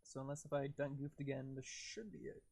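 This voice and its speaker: Man, relaxed livestream editor, rambling and jokey, gravelly edge, dry mic. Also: mid-range voice, brisk, no echo. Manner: rambling, self-narrating, jokey. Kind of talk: casual live tutorial talk.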